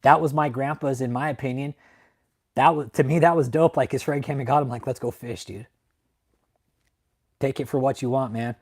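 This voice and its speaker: A young man runs a casual livestream, rambling to viewers with plenty of emotion and heavy swearing, tacking "man" onto the end of his sentences. His mid-range, darkish voice stays fairly even and goes a little fast.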